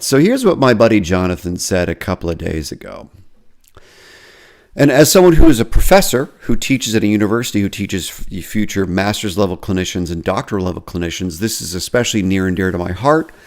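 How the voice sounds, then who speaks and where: A man's voice: on the low side, sing-song, normal speed. A man hosting a podcast, casually reading and commenting on social media posts with self-deprecating asides. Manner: self-deprecating, chatty, lots of restarts. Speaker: podcast host and therapy professor.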